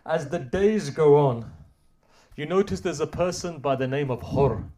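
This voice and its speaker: A man preaching an emotional sermon story, swinging from hushed low tones to loud, impassioned climaxes and asking the audience rhetorical questions.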